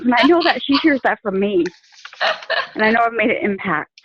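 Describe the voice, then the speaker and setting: A woman's voice: fairly high pitch, a little fast, a little hiss or hum. A woman telling her own story in a casual interview, earnest and full of fillers. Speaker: guest sharing her coaching story. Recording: tinny, phone-like, dry line.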